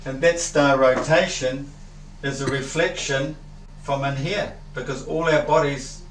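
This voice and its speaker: Man, earnest slow explainer, echoey distant recording. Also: mid-range voice, fairly even intonation, slight background noise.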